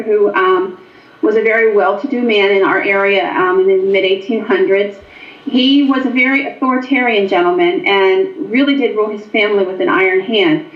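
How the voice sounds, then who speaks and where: A woman from Pennsylvania, a paranormal investigator, telling stories as an interview guest in an animated way with frequent ums. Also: medium pitch. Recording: echoey, dull lo-fi sound.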